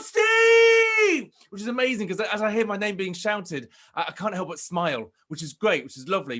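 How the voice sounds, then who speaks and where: A man from Britain, speaking a little higher than most men, gives a motivational talk over a video call. He tells his story with animation and now and then acts out shouts from a crowd. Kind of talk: live online motivational talk.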